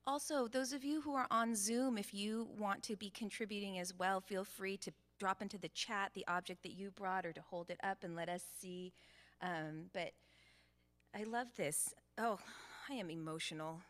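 A woman from the United States, a guest preacher giving a conversational sermon in a church, chatty and informal with frequent ums and quick asides. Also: mid-range voice, a bit bright. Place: church sanctuary with a congregation, also streamed to Zoom.

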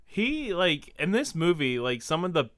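A man co-hosting a movie podcast, speaking in a relaxed, hesitant way with many fillers. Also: on the high side, normal speed, no room sound, clean studio sound. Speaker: podcast co-host. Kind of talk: casual movie review chat.

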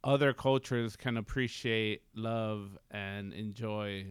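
A man's voice: lowish voice, fairly even intonation, slow, smooth, dry recording. A man co-hosting a casual movie rewatch chat, laid-back and agreeable, laughing often. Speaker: podcast co-host.

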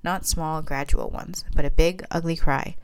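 A woman reading her own fan fiction aloud in a steady, plain way. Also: sits low, moderate pace, clear, resonant tone, low-quality recording. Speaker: reader.

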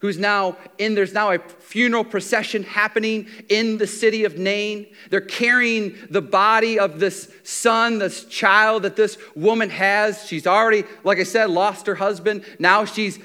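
A man with a high voice preaches a sermon as lively storytelling. He acts out what the characters say. His delivery jumps between loud shouting and soft, hushed near-whispers. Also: measured pace, few pauses, clean tone. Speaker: pastor.

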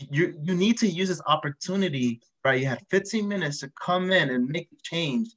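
A man's voice: on the high side, expressive, moderate pace, fairly bright tone, rough recording. A man hosting a casual podcast chat, asking questions and steering the talk to others. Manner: questioning, leads the discussion. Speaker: podcast host.

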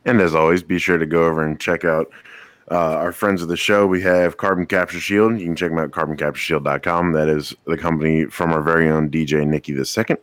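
Very deep-voiced male co-host. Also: steady tone, quick pace, no echo. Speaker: podcast co-host. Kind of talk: casual chat and sponsor plugs.

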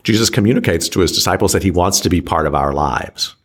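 A man speaking as an archbishop in a reflective teaching conversation, slow and measured, often pausing and restarting his sentences. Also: low-pitched, expressive, slightly rough.

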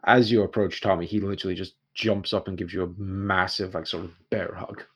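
A man's voice: low-pitched, fairly even intonation, a little fast, a bit bright, breathy edge. A man narrating as game master of a tabletop game, describing scenes in a loose, conversational way.

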